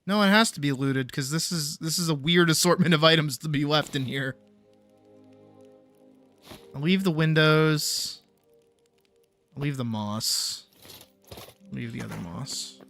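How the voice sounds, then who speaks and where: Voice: medium pitch, measured pace, pauses often, fairly bright tone, soft background music. A young adult game streamer chatting casually and swearing freely while playing. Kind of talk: casual gameplay commentary.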